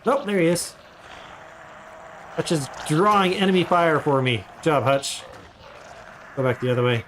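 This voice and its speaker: A man's voice: fairly high pitch, normal speed, fairly bright tone, a little hiss or hum. A man chatting casually while he livestreams a game, rambling into asides as he plays. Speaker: gaming streamer.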